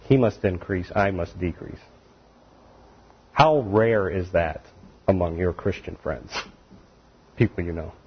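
Male preacher, husky voice, animated and conversational, muffled lo-fi recording. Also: low-pitched. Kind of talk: sermon.

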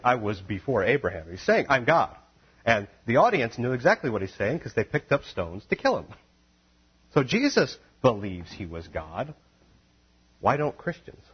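Husky-voiced preacher rising to fervent emphasis. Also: male voice. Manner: builds from calm reading to loud, high-pitched emphatic preaching. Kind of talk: impassioned sermon. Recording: dull lo-fi recording.

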